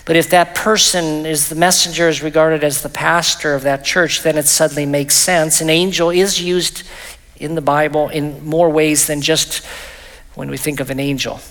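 A man's voice: a little high, little pitch movement, fairly bright tone. Man teaching scripture in a reverberant hall. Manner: explanatory, reads scripture aloud slowly, frequent fillers and restarts. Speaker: pastor teaching a Bible study. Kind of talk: Bible study teaching. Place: church.

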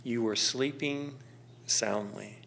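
A man voicing his elderly mother in a hospital bed, speaking softly and peacefully. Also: on the high side, big pitch swings, moderate pace, slight background noise, pitched above the performer's own voice. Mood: tender. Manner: soft and peaceful.

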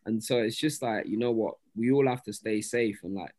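A man, co-hosting a podcast and telling stories in a passionate, animated way. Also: fairly low pitch, brisk. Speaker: podcast co-host. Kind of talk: casual chat.

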